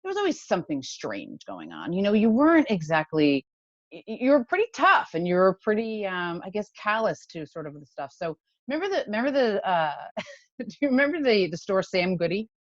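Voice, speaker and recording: A woman's voice: mid-range voice, a little fast, no echo, lo-fi sound. A woman being interviewed as a guest, telling a personal story with emotion and nervous laughs. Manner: emotional, animated retelling with laughs. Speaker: podcast guest, company founder.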